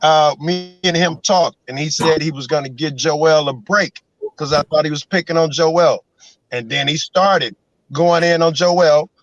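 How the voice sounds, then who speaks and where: A man's voice: fairly high pitch, measured pace, no room sound. Easygoing man on a lo-fi call. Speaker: guest on a live stream. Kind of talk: casual chat.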